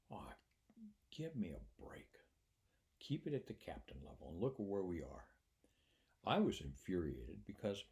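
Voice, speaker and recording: Low-voiced ex-officer storyteller, plainspoken, measured, quiet when moved. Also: male voice. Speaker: retired military officer telling a story. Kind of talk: personal storytelling.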